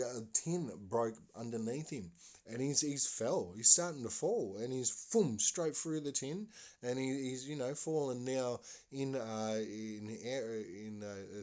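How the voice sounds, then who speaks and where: A man's voice: mid-range voice, darkish tone. A man, a podcast host telling a story in a rambling, hesitant way with many fillers. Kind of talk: casual spoken storytelling.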